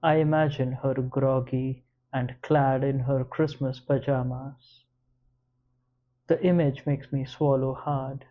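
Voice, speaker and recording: Man narrating an audiobook, slow measured pace, mellow dark tone, dull lo-fi recording. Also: mid-range voice, level tone. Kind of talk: scripted first-person narration.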